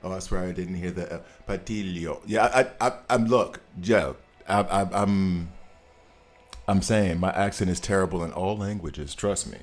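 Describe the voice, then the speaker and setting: Deep-voiced American man streaming casually. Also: normal speed. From United States. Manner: chatty, laughs often, greets chat viewers. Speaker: game streamer. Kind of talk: casual live-stream chat. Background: soft background music.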